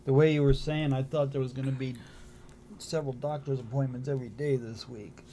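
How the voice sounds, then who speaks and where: A man co-hosting a podcast in casual chat, relaxed, mostly giving short agreeing replies. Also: medium pitch, fairly quick. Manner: laid-back, mostly brief agreeing replies. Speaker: podcast co-host.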